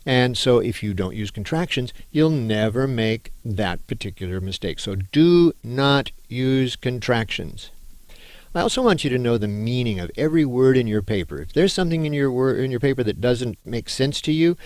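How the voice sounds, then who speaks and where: A man's voice: medium pitch, animated, normal speed, darkish tone, dry recording. Emphatic male professor, dry close sound. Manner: conversational, emphatic, with fillers and restarts. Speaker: college anthropology professor. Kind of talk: recorded lecture on writing.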